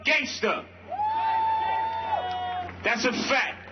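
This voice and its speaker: A man from Brooklyn giving a protest rally speech, shouting call-and-response lines in street slang. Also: extremely high pitch, a little slow, long pauses, music in the background. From Brooklyn, New York. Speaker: rally speaker, violence-prevention worker. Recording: lo-fi livestream with crowd. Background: faint crowd.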